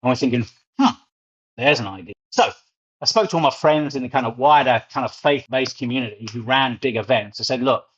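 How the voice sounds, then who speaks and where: Fast-talking London man telling stories. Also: mid-range voice. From England. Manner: animated storyteller, often repeats words. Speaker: guest. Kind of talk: storytelling interview. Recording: muffled lo-fi audio.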